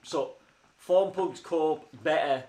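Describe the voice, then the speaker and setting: Young male co-host from northern England, slightly high voice, loose rambling chat in a roomy space. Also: slow pace, warm tone. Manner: rambling, chatty, lots of fillers. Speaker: podcast co-host. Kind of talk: casual live-stream chat. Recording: roomy room sound.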